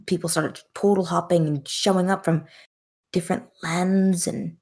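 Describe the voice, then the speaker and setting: A woman's voice: on the low side, fairly even intonation, normal speed, darkish tone. A woman player in a tabletop role-play game, chatty and rambling, describing her character's actions.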